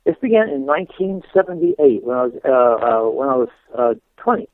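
A man from England, a guest minister on a radio interview, tells his story in a chatty, laughing way, full of fillers and restarts. His English-accented voice is medium-pitched with huge pitch swings and a fairly quick pace, heard over a dry, tinny phone line with no echo.

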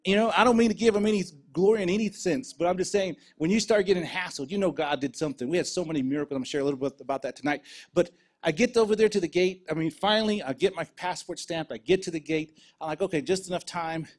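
A man preaching, telling a lively travel testimony with laughter, then leading a prayer. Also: high-pitched, fast. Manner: storytelling, animated, laughs between lines.

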